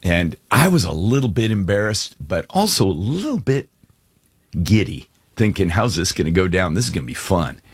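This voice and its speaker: A man's voice: low-pitched, normal speed, husky, dry recording, clean studio sound. A middle-aged man hosting a faith radio show, telling stories with laughs and reading scripture with emphasis. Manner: animated storyteller, laughs often, does voices in quotes. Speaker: radio show host and speaker. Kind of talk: storytelling and devotional radio talk.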